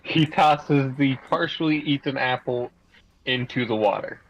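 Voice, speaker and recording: A man's voice: mid-range voice, measured pace, dull audio, slight background noise. Rambling, argumentative male tabletop player. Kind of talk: casual play and banter.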